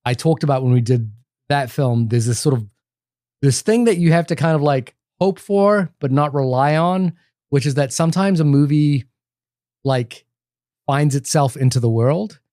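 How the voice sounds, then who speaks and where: A man's voice: fairly high pitch, animated, normal speed, warm tone, dry recording. Rambling man talking movies, dry close mic. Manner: rambling, enthusiastic, many restarts. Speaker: podcast co-host. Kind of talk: casual film discussion.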